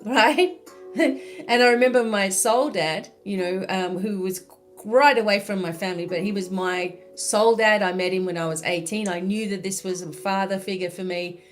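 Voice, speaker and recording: A woman's voice: medium pitch, moderate pace, faint music behind. An Australian woman speaking as a spiritual mentor in a live-stream monologue, chatty and full of "you know" and "right?".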